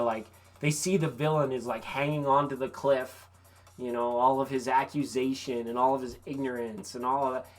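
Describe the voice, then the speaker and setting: A tarot reader hosting a live stream, talking casually and encouragingly to viewers, with relaxed, folksy phrasing and the odd swear word. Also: mid-range voice. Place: vacation rental.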